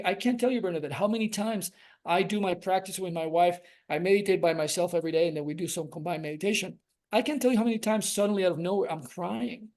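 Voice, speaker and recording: A man's voice: sits high, darkish tone. A man speaking as a relationship coach on a podcast, earnest and reflective, stretching out key words for emphasis. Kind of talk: reflective conversational podcast talk.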